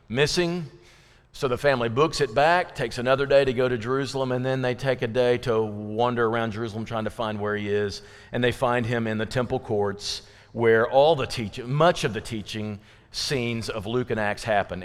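A man leading a Bible study in a casual, conversational way, often putting questions to the group and restarting his sentences. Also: mid-range voice. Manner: conversational, asks the audience questions, many fillers and restarts. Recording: long hall reverb.

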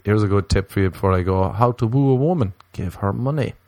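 A man's voice: on the low side, fast talker, a little mellow, no room sound. A man hosting a comedy podcast, rambling through a silly monologue and slipping into playful voices.

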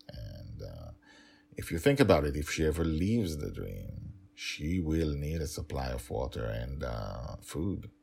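A man's voice: extremely low pitch, gravelly, husky. A man, an author, reading his own serial story aloud and chatting about it with some hesitation. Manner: hesitant with fillers in commentary. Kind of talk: storytelling with casual commentary.

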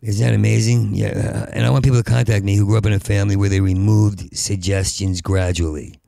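Stuttering gravelly man, rambling. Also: fairly low pitch, flat delivery, a little fast, dry recording, studio quality. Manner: heavy stutter, repeating syllables; rises to loud urgent pleading. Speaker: podcast host. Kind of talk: rambling monologue.

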